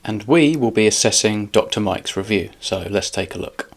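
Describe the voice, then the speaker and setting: In a reaction video, the channel host argues back at a clip with sarcastic commentary. His voice is on the low side and creaky, with lively intonation at a normal speed. Faint music plays behind him.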